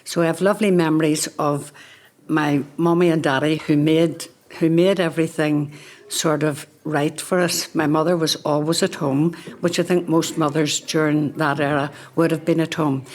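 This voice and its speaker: An older woman with a Belfast accent who reminisces about home in a gentle, reflective way, often softening with small hedges. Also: deep voice, steady tone, normal speed. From North Belfast. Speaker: carer sharing memories. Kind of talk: reminiscing on a podcast.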